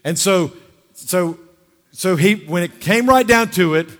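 A man's voice: high-pitched, animated, measured pace, fairly bright tone. A man preaching a sermon as pastor, fired-up and exhorting, calling out for amens from the congregation. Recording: long reverb of a large hall.

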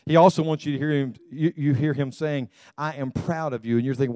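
Middle-aged pastor preaching, warm mellow voice, chatty and animated, dry close sound. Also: male voice, on the high side, fast talker, hardly any pauses, no room sound. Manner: conversational, repetitive, animated preaching with many restarts. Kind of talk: sermon.

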